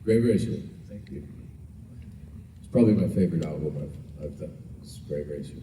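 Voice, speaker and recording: Guest actor at a fan panel, low voice, wisecracking and relaxed, captured from a distance in a big echoey hall with background noise. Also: male voice, normal speed, long pauses. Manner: joking, laid-back, rambling. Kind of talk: casual Q&A answers. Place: large indoor convention hall.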